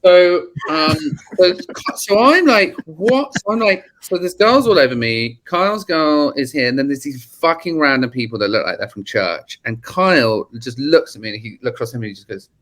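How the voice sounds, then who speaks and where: A man with children tells a story as a podcast guest, his voice sitting a touch high and swinging widely in pitch. He talks casually, swears freely and acts out what people said. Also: normal speed, hardly any pauses. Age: adult, has children. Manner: animated, swearing, acts out quotes.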